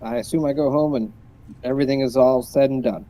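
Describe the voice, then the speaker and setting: A man's voice: mid-range voice, fairly even intonation, a little fast, mellow, poor audio. A man casually playing a tabletop role-playing game, speaking with some hesitation. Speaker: player.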